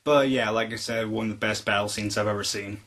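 A man giving a casual spoken film review, retelling scenes in a rambling way full of fillers and jumping into excited re-enactments of the characters' lines. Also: lowish voice, a little fast. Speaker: movie reviewer.

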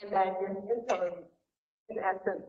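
A woman's voice: mid-range voice, steady tone, unhurried. A woman in a church audience, emotional and hesitant, searching for words as she asks a question. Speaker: audience member asking a question. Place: church sanctuary. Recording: echoey, dull church recording.

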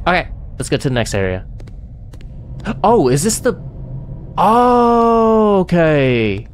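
A man's voice: mid-range voice, big pitch swings, brisk, a little hiss or hum. Jumpy man streaming a horror game. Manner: talks to himself, panicky yelps and nervous laughs. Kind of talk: let's-play commentary.

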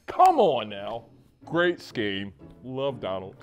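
A man's voice: mid-range voice, huge pitch swings, slow, soft background music. A man on a comedic dating show, answering sarcastically with a giggly edge.

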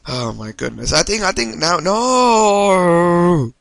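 A man hosting a let's-play video, reacting excitably and swearing when things go wrong. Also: medium pitch, a little fast, vocal fry, no room sound. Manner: excitable, yelps and swears at mishaps. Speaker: gaming video host.

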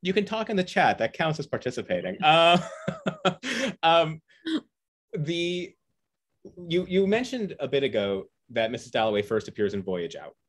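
A man interviewing an author on a video call, enthusiastic and halting, with frequent restarts. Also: a little high, sing-song. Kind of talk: casual conversation.

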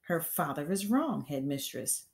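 A woman voicing a gentle young teacher who pleads earnestly for her pupil, read from a storybook. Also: sits low, big pitch swings, unhurried, vocal fry, full character voice. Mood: earnest, pleading. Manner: pleading, raised and urgent.

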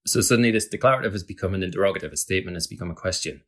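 A guest author chats casually and explains things very fast in a low-pitched, fairly bright voice. He hedges often with "kind of" and laughs frequently.

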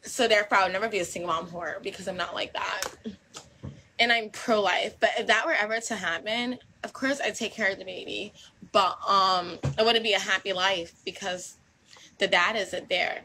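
A woman's voice: medium pitch, fairly even intonation, normal speed, sharp tone, a little hiss or hum, low-quality recording. A young woman in a casual monologue to camera, talking in a brash, combative and repetitive way and swearing freely.

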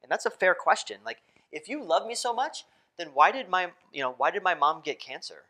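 A pastor preaching a sermon in a church, talking casually, asking the congregation questions and laughing often. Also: male voice, sits high, animated, a little fast, pushed and bright. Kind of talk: interactive sermon. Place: church sanctuary.

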